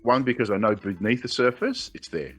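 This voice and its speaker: A man's voice: mid-range voice, animated, brisk, a bit bright, husky, soft background music. A man in his forties with an Australian accent, a guest on a casual radio chat, telling stories and acting out the people he quotes. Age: 40s.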